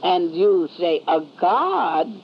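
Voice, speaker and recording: A woman voicing a solemn, slow-spoken heavenly mother. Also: on the low side, very animated, gravelly, a little hiss or hum, exaggerated voice. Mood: solemn warning. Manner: slow, solemn, measured pronouncements. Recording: dull lo-fi old recording.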